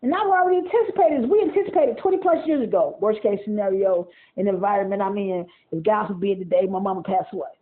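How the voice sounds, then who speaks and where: A man with a notably high voice vents in a loose, profane monologue. He rambles, circles back and repeats words as he talks. The sound is thin and tinny, like a phone line. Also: quick pace, hardly any pauses. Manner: profane, rambling, repeats himself, laughs often. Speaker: vlogger. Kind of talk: casual monologue rant.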